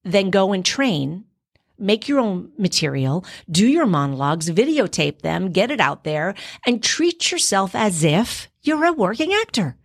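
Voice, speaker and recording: Her mid-range voice moves at a measured pace as this middle-aged woman from Canada, an actor, talks casually on a podcast. Telling a story with animation, she performs her own quoted inner dialogue.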